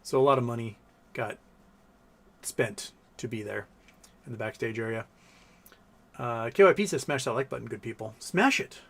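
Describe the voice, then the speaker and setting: A man's voice: medium pitch, normal speed, creaky, long pauses. A man hosting a casual livestream, reading viewer comments aloud and chatting to his pets between them. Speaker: livestream host.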